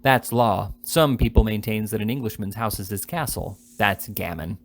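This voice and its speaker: A man's voice: fairly low pitch, normal speed. A man voicing a blunt, officious elderly constable in a read-aloud novel.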